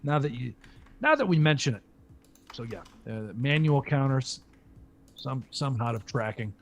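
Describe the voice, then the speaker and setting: A man's voice: medium pitch, expressive, moderate pace, lo-fi sound. A man commentating a live poker stream, chatty and joking, thinking aloud between hands.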